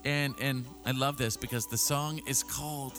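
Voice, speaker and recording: A man's voice: mid-range voice, steady tone, moderate pace, over music. A man hosting a morning radio show, reading odd news items with playful jokey asides in a studio. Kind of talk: joking radio banter.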